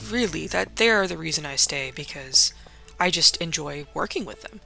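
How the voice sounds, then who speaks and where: A woman's voice: low voice, expressive, normal speed, creaky, sharp tone, faint music behind. A young woman hosting a laid-back game playthrough, rambling and swearing, full of fillers. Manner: rambling, profane, full of likes. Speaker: let's play host. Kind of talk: casual gaming commentary.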